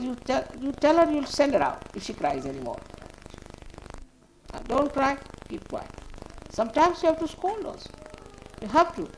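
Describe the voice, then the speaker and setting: An older woman, a spiritual teacher, addresses a gathering in a high-pitched voice, scolding in a motherly way and often repeating short commands. The recording is rough, with slight background noise.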